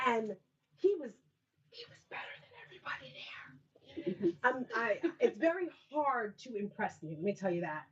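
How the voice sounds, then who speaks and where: A middle-aged woman hosting a live-streamed book event. She is animated and laughs often as she talks to the audience. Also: a little high, slightly rough. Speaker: host and author. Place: bookstore event space. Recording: dull lo-fi sound.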